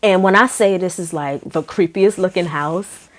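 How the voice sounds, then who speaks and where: A young woman telling a story from her work as a makeup artist in a casual, animated way, acting out the dialogue. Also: fairly low pitch, moderate pace. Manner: chatty, animated, acts out dialogue with laughs.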